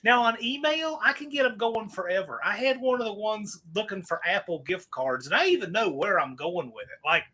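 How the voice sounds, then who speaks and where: A man's voice: high voice, animated, fairly quick, hardly any pauses, sharp tone. A man casually telling joking stories about prank-calling scammers on a live chat show. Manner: joking storyteller.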